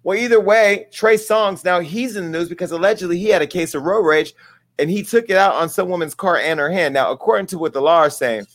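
Guy hosting a gossip show, brash and blunt, bit higher voice, aave, cracking jokes. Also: brisk. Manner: brash, candid, comedic storytelling. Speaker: talk show host. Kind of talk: gossip commentary.

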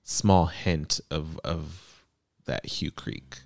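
Very deep, gravelly man chatting. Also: very slow, no room sound, clean studio sound. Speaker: podcast co-host. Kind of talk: casual chat.

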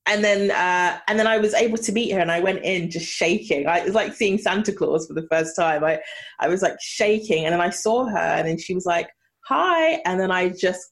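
A woman's voice: fairly low pitch, brisk. A young woman from the UK, a podcast guest and author, telling emotional stories with lots of laughter. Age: young adult. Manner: gushing, laughs often, emotional storytelling. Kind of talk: candid interview chat.

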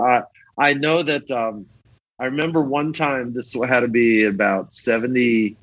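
A man's voice: mid-range voice, dry recording, highs cut off. An older man, a rock photographer, telling stories in a casual interview and acting out the people in them. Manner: animated, acts out the people in his stories.

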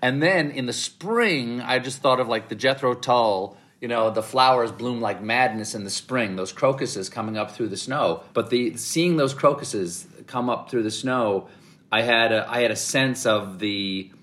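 A man from the American South, answering interview questions with animated, rambling stories full of restarts. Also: mid-range voice, a little slow. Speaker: interview guest.

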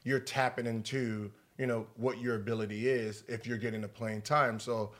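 A man co-hosting a podcast, a former basketball player chatting casually, blunt and profane as he tells animated stories. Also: medium pitch, moderate pace. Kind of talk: casual chat.

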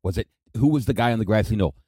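Man putting on a low eager Moses, apologetic conspiracy buff, dry close sound. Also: warm tone, husky, no room sound. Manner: eager, apologetic, rapid questioning. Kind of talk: improv comedy podcast.

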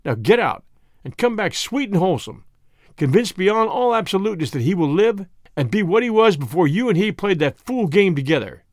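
Guy doing a snappy angry surgeon, shouty, pitch jumping all over. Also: big pitch swings, brisk, no room sound, studio quality. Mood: wrathful. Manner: barking, forceful. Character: commanding, irascible male surgeon.

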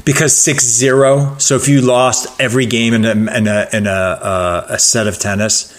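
A man's voice: mid-range voice, fairly even intonation, moderate pace. A man co-hosting a casual chat, laid-back and joking as he reads out trivia facts. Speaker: podcast co-host. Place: Los Angeles.

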